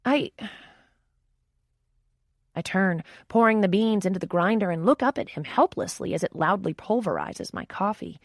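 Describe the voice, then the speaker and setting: A woman narrating a romance audiobook in the first person, with wry, expressive storytelling. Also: medium pitch, normal speed, long pauses, no room sound, clean studio sound.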